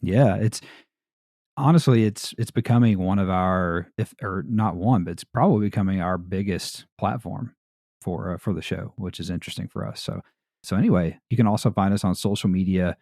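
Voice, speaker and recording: A man's voice: low voice, normal speed, mellow, no room sound, clean studio sound. A man with an American Southern drawl hosting a podcast in a laid-back, rambling way, with plenty of fillers and laughs. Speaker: podcast host. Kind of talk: casual podcast chat.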